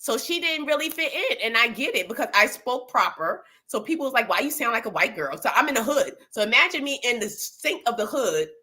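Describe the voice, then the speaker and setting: A woman's voice: on the high side, expressive, brisk, hardly any pauses, bright, forceful tone. A woman co-hosting a casual gossip show, talking in a blunt, profane, rambling way full of restarts. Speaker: co-host.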